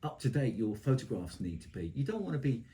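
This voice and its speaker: A man's voice: medium pitch, big pitch swings, fast, mellow, a little hiss or hum. A man hosting a podcast in a chatty, teasing broadcaster's manner. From England. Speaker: podcast host and former radio presenter. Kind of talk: casual chat.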